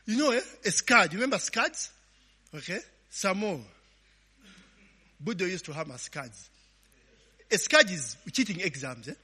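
Lively Ugandan pastor in an echoing hall. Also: male voice, a little high, slightly rough. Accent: Ugandan English. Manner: lively, laughing, asks the congregation to finish his sentences. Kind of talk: conversational sermon with call-and-response questions. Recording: long hall reverb.

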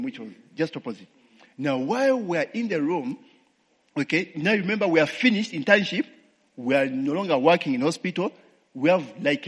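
A man's voice: a little high, a bit bright, breathy edge, big-room sound. A man with a Ugandan accent gives a testimony sermon, tossing in call-and-response tags like "eh?" and "what?" and laughing to himself. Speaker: preacher.

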